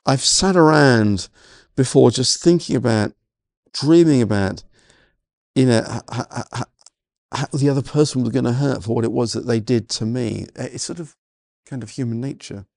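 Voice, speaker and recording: A man's voice: medium pitch, normal speed, gravelly, mellow, no room sound, studio quality. A man preaching a sermon, earnest and full of stammered restarts and "you know" fillers. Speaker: pastor.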